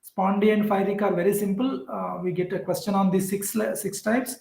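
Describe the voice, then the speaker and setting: High-voiced teacher, echoey room. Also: male voice, fairly even intonation, a little fast, creaky, darkish tone. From southern India. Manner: repetitive, patient explaining with frequent "uh" fillers. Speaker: English literature teacher. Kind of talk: exam-prep lecture.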